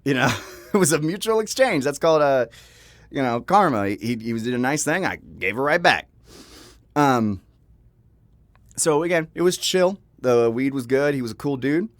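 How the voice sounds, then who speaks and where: A young vlogger tells a personal story in a casual, rambling way, laughing often, restarting frequently, and swearing now and then. His medium-pitched voice is expressive at normal speed with frequent pauses, captured dry on a home microphone.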